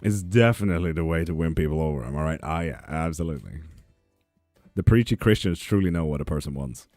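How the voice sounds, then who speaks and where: Deep-voiced, profane male tarot streamer. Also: lively intonation, quick pace, darkish tone, dry recording, faint music behind. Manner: profane, sarcastic, laughs often. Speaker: live tarot reader and stream host. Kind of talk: casual live-stream chat, reading comments aloud. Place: apartment.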